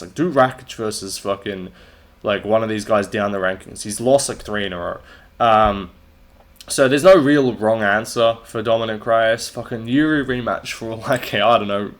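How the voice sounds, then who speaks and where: Young man, lowish voice, casual solo recap, blunt, cursing, mocking. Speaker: MMA commentator and channel host.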